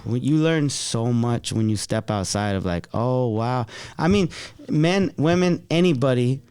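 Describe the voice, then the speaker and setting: Smooth-voiced American man, slangy. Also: mid-range voice, moderate pace, no room sound. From San Jose area, California. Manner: slangy, animated storytelling. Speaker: comedian guest. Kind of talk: casual podcast chat. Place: podcast studio.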